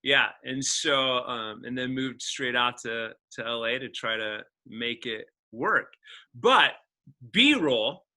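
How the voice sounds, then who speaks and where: A man in his forties, a guest actor, telling his life story in a casual interview, earnest and animated with frequent laughs and restarts. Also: mid-range voice, slow pace, rough recording. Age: 40s.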